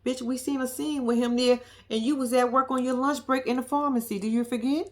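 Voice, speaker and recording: A woman's voice: high-pitched, steady tone, a little fast. A young woman giving blunt, profane, sassy reaction commentary on a reality show, talking straight to her viewers.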